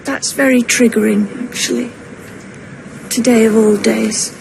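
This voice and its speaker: An actress playing an anxious, self-pitying older mother and grandmother, who talks in plaintive, rushed runs of self-justification. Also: fairly high pitch, steady tone, creaky. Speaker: soap opera character. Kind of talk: television drama acting. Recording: noisy broadcast soundtrack.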